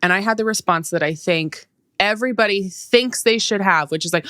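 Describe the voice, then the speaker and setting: A woman's voice: lowish voice, normal speed, fairly bright tone, dry recording, studio quality. A woman hosting a podcast interview who tells personal stories candidly and with animation, swearing casually. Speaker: podcast host. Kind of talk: conversational interview.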